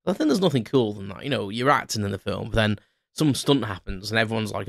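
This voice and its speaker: A man's voice: lowish voice, lively intonation, quick pace, creaky, fairly bright tone, dry recording, clean studio sound. A man hosting a podcast, rambling in a casual solo monologue with lots of fillers and self-mocking asides. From Ireland. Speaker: podcast host.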